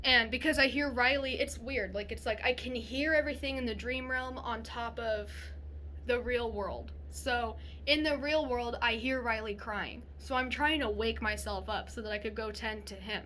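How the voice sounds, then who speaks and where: Young woman rambling a story to her phone, kinda high voice, lotta restarts, faint hiss behind. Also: moderate pace, pushed and bright. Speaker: vlogger. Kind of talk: casual storytelling to camera.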